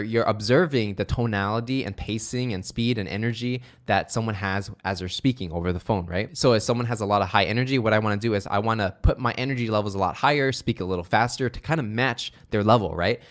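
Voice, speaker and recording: Upbeat man, lowish voice, coaching on sales. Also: fast talker, hardly any pauses. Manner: upbeat, conversational, often ends with "right?". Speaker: sales trainer. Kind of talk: instructional talk to camera.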